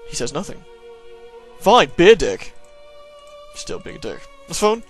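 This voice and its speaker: A man's voice: on the high side, big pitch swings, a little slow, husky, soft background music. A man with a sore throat giving jokey, sarcastic commentary while playing a horror game. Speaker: let's play host. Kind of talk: gameplay commentary.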